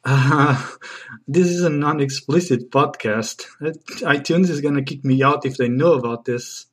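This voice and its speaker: A man's voice: mid-range voice, a little slow, husky. A man with a Portuguese accent, a native Portuguese speaker, hosting a comic podcast monologue in a playful, mock-exasperated, self-deprecating way. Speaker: podcast host.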